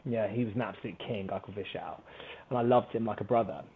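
A man's voice: on the low side, quick pace. Man telling a story on a tinny line. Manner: animated, self-mocking, laughs often. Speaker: podcast guest. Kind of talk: casual storytelling. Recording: phone-like narrow band.

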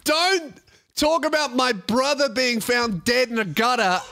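A man's voice: very high voice, measured pace, vocal fry. A man hosting a comedy podcast, reacting to a talk show clip with sarcastic, swearing commentary.

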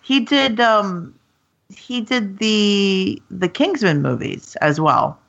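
A woman's voice: medium pitch, lively intonation, slow, vocal fry, fairly bright tone, dull audio. A woman co-hosting a casual podcast chat, talking with many ums and easy laughter. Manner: chatty, hesitant with frequent ums, laughs easily. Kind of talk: casual chat about films and books.

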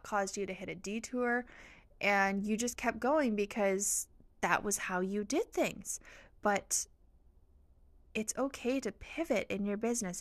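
Woman host, encouraging motivational podcast talk, mid pitch, dry close sound. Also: no echo. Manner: encouraging, earnest, faith-infused.

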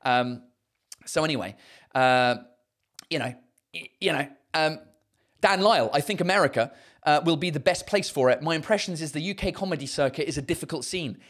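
A man's voice: fairly high pitch, brisk, a bit bright. A man with a southern English accent, a stand-up comedian chatting casually and answering viewers' comments in a self-mocking way. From England. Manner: chatty and self-mocking, many fillers and restarts.

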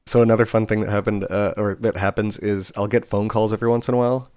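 A man with a lowish voice, chatting casually on a podcast. He tells stories from his bar job in an animated way and mimics the people he quotes. The sound is dry and close. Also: fast talker, clear, resonant tone, dry recording. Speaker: podcast co-host; bartender. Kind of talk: casual chat.

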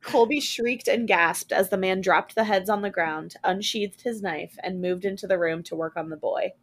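Woman, podcast host, creaky voice, expressive scary story reading. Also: mid-range voice, normal speed.

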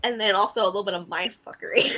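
A woman co-hosting a casual podcast, talking over a TV episode in an animated way, laughing often and repeating words. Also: mid-range voice, a little fast, slight background noise. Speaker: podcast co-host. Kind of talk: casual chat recapping a TV episode.

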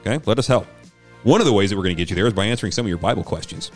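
A man's voice: fairly low pitch, expressive, racing, soft background music. A man who is a pastor, talking casually and earnestly on a teaching podcast, encouraging listeners with lots of conversational fillers.

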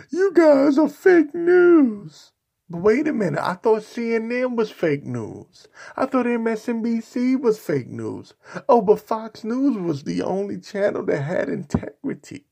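A man's voice: on the high side, vocal fry, a little mellow, breathy edge. A man delivering a sarcastic, mocking opinion rant on a vlog, hammering his points with repetition and insults. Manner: repetitive, emphatic rhetoric. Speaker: political commentator.

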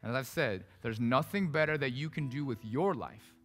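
A man preaching a sermon as pastor, telling a personal story in an animated, conversational and emphatic way. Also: medium pitch, moderate pace. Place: church sanctuary. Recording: preached in a reverberant hall with soft guitar behind.

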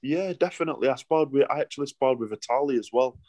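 A man's voice: medium pitch, fast, mellow. A middle-aged man with a Yorkshire accent, a boxer telling stories in a casual interview, rambling with lots of restarts and broad dialect.

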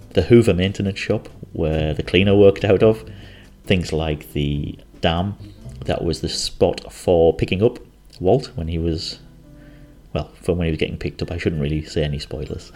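A deep-voiced man recalls a trip in an easygoing, rambling way, stopping now and then to correct himself. Soft music plays faintly behind him. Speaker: travel storyteller. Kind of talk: casual travel recollection.

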